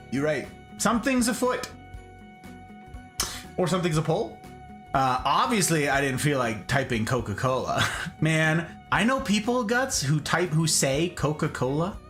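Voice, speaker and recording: A man's voice: on the high side, bright, forceful tone. A man hosting a casual livestream, greeting viewers by name in a playful, theatrical, sing-song way. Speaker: livestream host.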